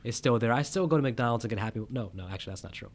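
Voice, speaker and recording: A man's voice: mid-range voice, rapid-fire. A man hosting a casual movie review podcast, methodical and teasing with his co-host.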